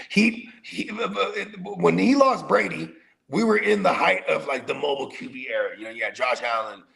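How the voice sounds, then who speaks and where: A man with a gravelly, fry-edged voice co-hosts a sports podcast in loose, casual chat. He tells stories with big swings, from loud exclamations down to muttered asides, and swears freely. His pitch sits in an ordinary middle range. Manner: animated storytelling, profane, swings loud and quiet. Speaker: podcast co-host.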